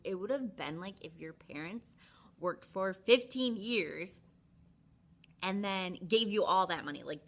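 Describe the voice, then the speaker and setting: A woman Sunday school teacher retelling a Bible story to children in a chatty, casual way, full of "like" and "um". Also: lowish voice. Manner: chatty, animated, lots of "like" and "um".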